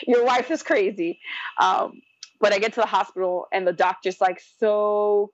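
A young woman talking fast and lively, slipping into the voices of the people in her story. The sound is dry and a little dull. She sticks "like" in everywhere as she goes. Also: medium pitch, no echo. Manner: animated, acts out quoted voices, frequent "like". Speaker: guest telling her birth story. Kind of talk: casual storytelling.

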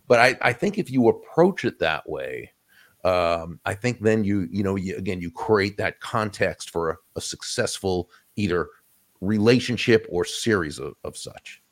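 A man's voice: lowish voice, fairly bright tone. A man interviewed as a guest, giving reflective advice in a conversational way, often restarting his phrases. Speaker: guest author.

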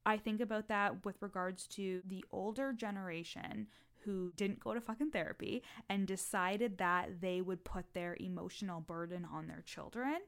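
A woman's voice: medium pitch, creaky. A woman business coach hosting a solo podcast, talking frankly with plenty of swearing and acting out the voices in her head. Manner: frank and profane, fast bursts, acts out inner voices.

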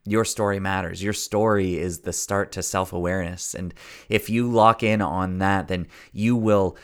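Male podcast host and story coach, low, gravelly voice, earnest and preachy, repeats key lines for emphasis. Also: fairly even intonation, normal speed. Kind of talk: motivational podcast monologue.

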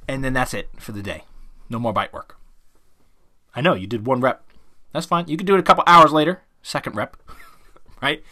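A middle-aged man, a dog trainer, explaining his method in an animated, coaxing podcast talk that keeps checking in with the listener. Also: medium pitch.

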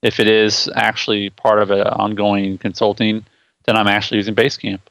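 A man trading jokes in relaxed tech podcast talk, with a low voice full of gravel and vocal fry. He sounds dry and close to the mic, and easygoing in his manner. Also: a little fast, no echo. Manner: joking, laid-back. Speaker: podcast co-host, consultant. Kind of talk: casual tech podcast chat.

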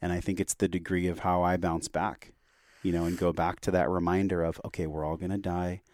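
A man's voice: low voice, flat delivery, a little fast, darkish tone, dry recording, studio quality. A man speaking as a podcast guest, telling a personal story in an earnest, heartfelt, reflective way.

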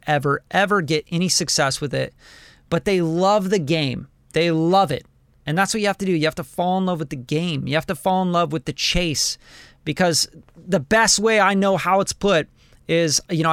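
A man in his forties hosting a podcast, giving a blunt, profane, animated motivational talk about a music career. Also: fairly high pitch, no echo, clean studio sound. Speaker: podcast host, music producer.

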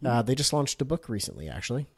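Brief: Canadian male podcast host, average pitch, upbeat and supportive interviewer. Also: sing-song, quick pace, creaky, husky. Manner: friendly, encouraging, frequent short affirmations. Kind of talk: casual interview.

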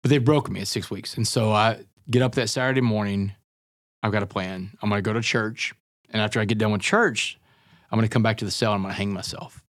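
A man's voice: lowish voice, fairly even intonation, fast talker, dry recording, clean studio sound. A man guest on an interview podcast, telling his story in an earnest, intense way and often calling the listener "man" and "brother".

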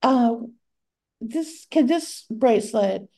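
Mellow-voiced Southern woman, easygoing. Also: fairly high pitch, animated, takes it slowly. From Louisiana. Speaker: podcast co-host. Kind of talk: casual chat.

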